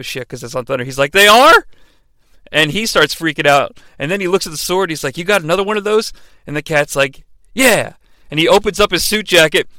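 Bright, dry-sounding man, rambling self-deprecating comic podcast host. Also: fairly high pitch, dry recording. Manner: rambling, self-deprecating, acts out quotes in voices. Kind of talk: comedic wrestling fantasy booking monologue.

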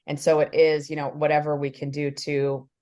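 A woman's voice: low voice, completely flat delivery, normal speed, dark tone. A woman co-hosting a podcast, talking conversationally with many fillers as a workplace consultant.

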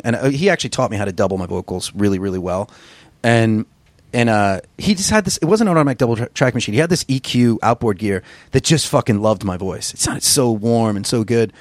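A man who is a musician, telling stories in a casual interview, rambling and profane with a gruff voice. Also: mid-range voice, no room sound. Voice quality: gruff singer's voice. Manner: rambling, profane, self-deprecating storyteller. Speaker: musician guest.

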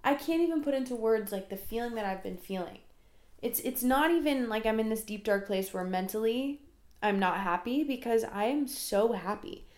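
A woman's voice: a little high, expressive, moderate pace, darkish tone. A young woman hosting her own podcast, rambling and self-deprecating in casual solo chat. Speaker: podcast host. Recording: echoey room.

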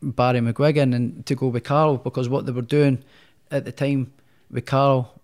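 A man's voice: medium pitch, normal speed. A young man, a professional boxer telling stories in a casual interview, with many restarts. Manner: rambling, animated storyteller with many restarts.

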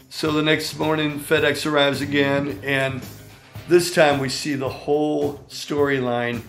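An older man from the Chicago area, a songwriter and guitarist, telling stories in an interview in a chatty, animated way with many asides. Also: on the high side, unhurried, soft background music. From Chicago area, USA. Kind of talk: storytelling interview.

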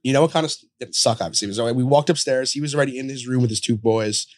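A man's voice: medium pitch, a little mellow, no echo, studio quality. A young man on a podcast, telling rambling stories full of fillers and swearing. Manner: rapid storytelling with lots of fillers and swearing. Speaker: podcast guest. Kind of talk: casual chat.

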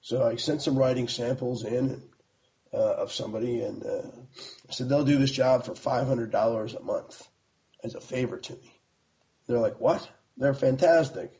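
A man's voice: medium pitch, normal speed, mellow, highs cut off. A middle-aged American man telling the story of starting his magazine in a casual, rambling way, full of fillers and restarts.

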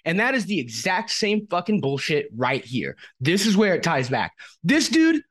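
A man's voice: a little high, big pitch swings, normal speed, a bit bright, husky. A podcast host, a man, ranting angrily with heavy swearing, upset nearly to tears. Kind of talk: casual chat.

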